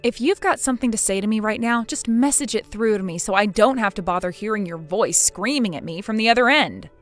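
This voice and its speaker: A woman voicing a cool, sarcastic young wife in a scripted text-message drama, mocking quietly. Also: medium pitch, lively intonation, fairly quick, faint music behind, close to an everyday voice.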